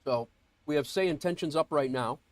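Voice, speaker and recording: A man streaming a flight sim greets viewers in casual livestream chat, nasal and congested from a cold, rambling with fillers and restarts. His voice is a little high and brisk, with no echo, through an earbuds mic.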